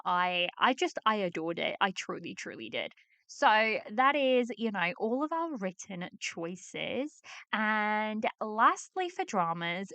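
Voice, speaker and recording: A woman's voice: medium pitch, a bit bright, no room sound. Gushing woman podcast host. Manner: gushing and enthusiastic, repeats words for emphasis. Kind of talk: casual podcast chat.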